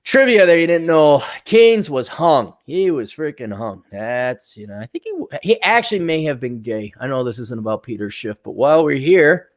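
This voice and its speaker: Male vlogger, crude and sarcastic, rambles with a lively up-and-down delivery. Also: medium pitch, moderate pace, few pauses. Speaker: vlogger and consultant. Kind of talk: casual crude commentary.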